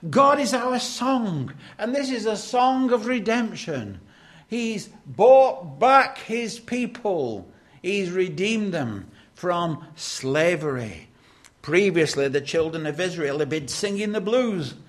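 An older man preaching a sermon, emphatic, swinging between loud declarations and hushed lines. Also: sits high, big pitch swings, takes it slowly.

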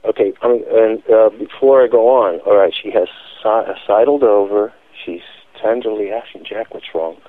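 A man's voice: fairly low pitch, moderate pace, no room sound. A man giving a phone-in radio interview, telling his account in an emphatic, insistent way. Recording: tinny phone line, dry.

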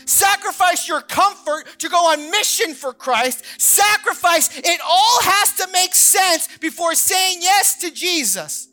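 A man in his thirties, a pastor, preaching a sermon that opens with a personal story, animated and acting out the people he quotes. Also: very high-pitched, takes it slowly, hardly any pauses, faint music behind. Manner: animated storyteller, acts out quoted voices, many fillers like "like".

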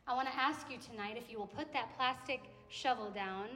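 A young adult woman preaching a sermon to a campus ministry gathering, in a conversational, animated way that acts out little quotes. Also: a little high, a little fast, slight background noise. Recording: echoey hall with long reverb.

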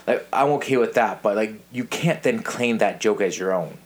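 A man's voice: fairly low pitch, brisk, hardly any pauses. A man in his thirties hosting a podcast, chatting casually and telling stories with frequent laughs. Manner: animated storyteller, laughs often. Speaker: podcast host. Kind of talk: casual chat.

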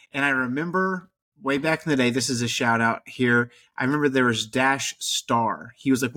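A man in his thirties hosting a fan podcast, chatting excitedly and casually. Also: mid-range voice. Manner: excitable, says freaking a lot. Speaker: podcast host.

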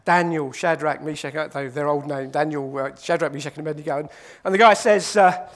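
High-voiced man preaching a lively sermon. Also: fairly quick, hardly any pauses. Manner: lively, acts out quoted voices, emphatic repetition.

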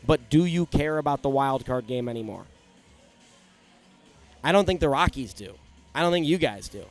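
A man's voice: mid-range voice, animated, normal speed, soft background music. A man hosting a solo sports podcast, talking candidly and giving his opinions in a conversational way. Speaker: podcast host.

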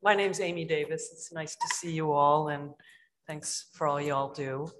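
A woman family physician speaks on a conference panel in a friendly, easygoing way. Her voice is very low for a woman. She talks into a microphone in a hall. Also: normal speed, fairly bright tone. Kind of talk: panel discussion.

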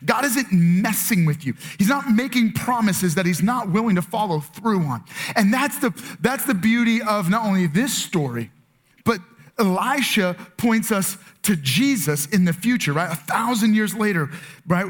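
A man preaching a sermon as pastor, earnest and conversational, with frequent fillers and restarts. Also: sits high. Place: church with multiple campuses and online stream.

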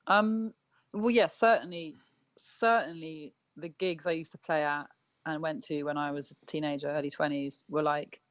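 A woman's voice: low-pitched, fairly even intonation, normal speed, no echo. A woman in her thirties, a punk band musician being interviewed, talking in a chatty way full of fillers and self-corrections. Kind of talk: casual interview chat.

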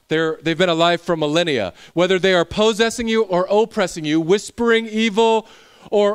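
Young guy pastor telling a story in a sermon, kinda high voice, gets intense when he preaches. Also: clear, resonant tone.

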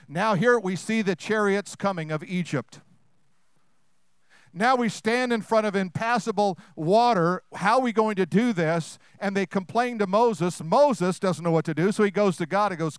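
A man preaching a sermon to a congregation, asking them questions and swinging between loud, fast bursts and hushed, slow lines. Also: high voice, clean tone, no echo, studio quality.

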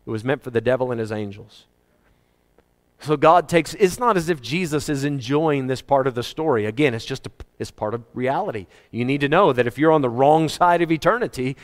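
A man preaching a sermon to his congregation, emphatic and animated, with joking asides. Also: medium pitch. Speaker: pastor. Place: church hall. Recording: reverberant church hall.

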